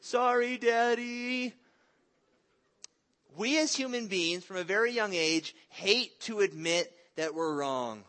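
A man's voice: sits high, expressive, measured pace, hardly any pauses, bright, forceful tone. A man in his thirties preaching a sermon in an earnest, conversational way, mixing in stories about his family. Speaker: pastor.

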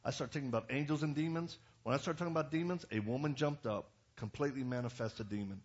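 A middle-aged man delivers a storytelling sermon, blunt and animated. He keeps turning to the audience with quick asides. His voice sits in a plain middle pitch, and the recording sounds dull and muffled. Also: breathy edge. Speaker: pastor.

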